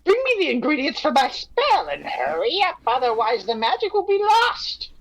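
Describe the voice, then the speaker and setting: A woman voicing a frantic, fussy old witch in a live fan fiction reading, with a shrill, dramatic delivery. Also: huge pitch swings, moderate pace, heavily acted, low-quality recording. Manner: theatrical, shrill, swooping.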